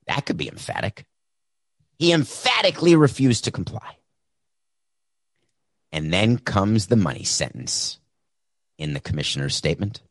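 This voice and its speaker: A man's voice: lowish voice, very animated, moderate pace, gravelly, pauses often, dry recording, clean studio sound. A man hosting a sports talk show, delivering a sarcastic, mocking monologue into a desk microphone. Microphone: desk mic with mute button.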